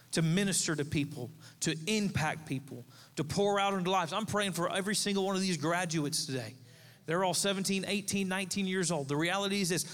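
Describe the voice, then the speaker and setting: In a church sanctuary, a pastor in his thirties preaches in a conversational, storytelling manner, tossing asides to the congregation. His voice is high-pitched with a fairly bright tone, and the sound is that of a large hall.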